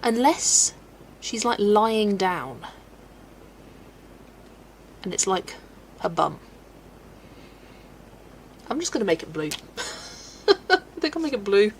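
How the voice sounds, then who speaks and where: A woman's voice: mid-range voice, sing-song, slow pace, long pauses, slight background noise, low-quality recording. A woman in her twenties with a West Country accent, chatting casually while colouring on a live stream, thinking aloud and laughing often. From England.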